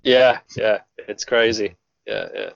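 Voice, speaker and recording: A man's voice: lowish voice, wildly swooping pitch, takes it slowly, vocal fry, background noise. A man hosting a podcast, talking casually and plainly with some swearing. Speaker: podcast host. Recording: dull, dry lo-fi sound.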